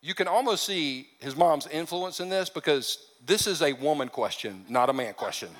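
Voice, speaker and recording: A man's voice: on the high side, lively intonation, moderate pace, fairly bright tone. A man preaching a sermon in a conversational, humorous way, slipping into character voices for the stories he tells. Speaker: pastor. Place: church sanctuary. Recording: long reverb of a large hall.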